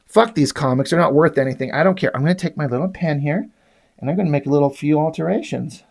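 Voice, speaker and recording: A man's voice: fairly high pitch, quick pace, gravelly, a little mellow. Sarcastic, profane man reviewing comics. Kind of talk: casual video review, drawing while talking.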